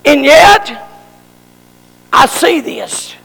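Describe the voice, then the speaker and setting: Preacher shouting a sermon, high slow gravelly voice, big echoey hall. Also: male voice, lively intonation. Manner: fervent, shouted emphasis.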